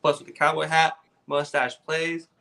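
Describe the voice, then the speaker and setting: A man's voice: a little high, flat delivery, moderate pace, vocal fry, pushed and bright. A young man, a guest on a casual podcast, telling rambling stories full of "like". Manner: rambling storyteller, says "like" a lot. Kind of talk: casual chat.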